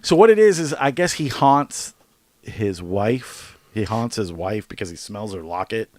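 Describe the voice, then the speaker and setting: A man co-hosting a movie podcast, talking casually and excitedly, rambling and swearing a lot. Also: on the low side, measured pace, dry recording. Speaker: podcast co-host. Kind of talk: casual movie review chat.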